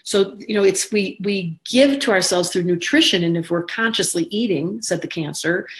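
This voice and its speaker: A woman in her sixties, an astrologer and teacher, gives a casual talk to viewers in a lowish voice at normal speed. She's expressive and rambling, acting out the voices of the people she quotes.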